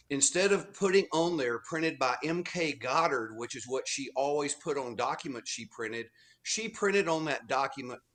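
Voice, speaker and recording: A man's voice: mid-range voice, fairly bright tone. A man from Texas, a guest author on a talk radio interview, telling history stories in an earnest way. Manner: earnest storytelling.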